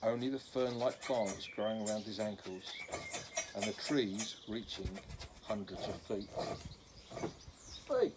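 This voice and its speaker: Low-voiced man reading a children's novel. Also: steady tone, measured pace, very noisy. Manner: unpolished, with slips and corrections. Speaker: reader.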